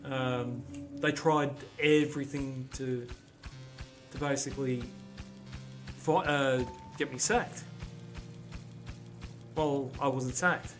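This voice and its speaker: A man casually telling a story while playing a game, acting out both sides of arguments in a lively way. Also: mid-range voice, slow pace, pauses often, soft background music. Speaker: gaming channel host. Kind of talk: casual storytelling over gameplay.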